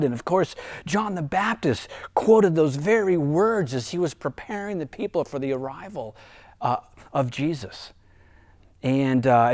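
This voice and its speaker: An earnest male pastor delivering a sermon, often repeating a word as he restarts a thought. His pitch moves a great deal, and he grows louder when he reads scripture aloud. The recording is close and dry, with no room sound. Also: no room sound. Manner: earnest preaching, rising in volume when reading scripture aloud.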